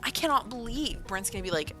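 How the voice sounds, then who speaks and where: A woman author on a livestream, reading a news report aloud and breaking in with animated, disbelieving exclamations. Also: on the high side, fairly quick, music in the background, low-quality recording. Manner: animated, exclaiming in disbelief between read-out passages. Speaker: author livestreaming a writing session.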